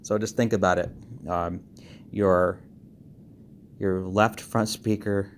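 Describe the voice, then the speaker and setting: A lower-voiced man walks through a car audio wiring job in a casual tutorial voice-over. He talks quickly and keeps checking in with "okay" and "all right." A faint hiss sits under the recording. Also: fairly even intonation. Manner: talks fast, checks in with frequent okays. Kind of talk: casual screen-recorded how-to walkthrough.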